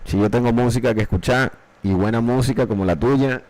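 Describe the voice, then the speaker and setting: A young man livestreaming from his dark bedroom, chatting casually and profanely in a rambling, jokey way as he reviews listeners' beats. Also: medium pitch, fast, low-quality recording. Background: faint music.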